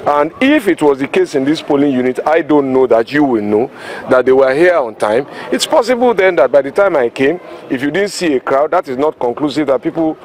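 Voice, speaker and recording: Nigerian man, a governor giving press remarks outdoors; fairly high-pitched, cautious and deliberate, stresses key words. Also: animated, a little mellow, a little hiss or hum. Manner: measured, hedging, repeats points for stress. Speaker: state governor. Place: outdoors at a polling unit.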